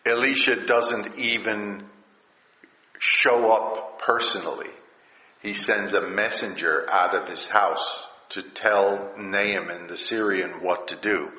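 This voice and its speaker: Slow-preaching man in an echoey hall. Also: on the low side, fairly even intonation, sharp tone. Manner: slow, drawn-out delivery with fillers, raising his voice for quoted characters. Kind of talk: sermon, reading and explaining scripture. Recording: roomy hall with long reverb.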